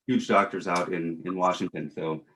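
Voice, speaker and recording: A man's voice: low voice, fairly even intonation, normal speed, a bit bright, poor audio. A man playing a fake doctor on a satirical talk show, speaking in a mock-serious, pompous way and rambling with frequent restarts.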